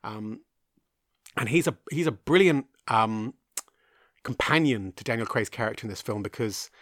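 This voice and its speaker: Chatty film podcast host. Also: male voice, mid-range voice, lively intonation, moderate pace, fairly bright tone, no echo, studio quality. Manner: chatty, rambling, self-deprecating. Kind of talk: casual solo film review.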